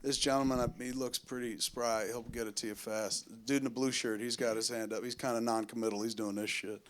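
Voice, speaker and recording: A man's voice: mid-range voice, fairly even intonation, fairly quick, a little hiss or hum. Joking man hosting a stage panel. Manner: joking, loose, swears casually. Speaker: host. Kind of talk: casual onstage panel chat. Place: film center stage before an audience. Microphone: handheld mic.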